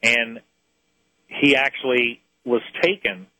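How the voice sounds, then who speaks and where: A man's voice: mid-range voice, bright, forceful tone, dry recording, poor audio. A man who researches UFO experiences, earnestly recounting one of his cases in an interview and often restarting his phrases. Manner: earnest storyteller, halting restarts.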